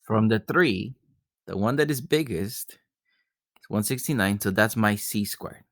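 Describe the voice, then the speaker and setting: A man's voice: fairly low pitch, a little slow, dry recording, studio quality. Man talking through a math lesson. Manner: step-by-step, repeats and checks with "right?". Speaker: math teacher.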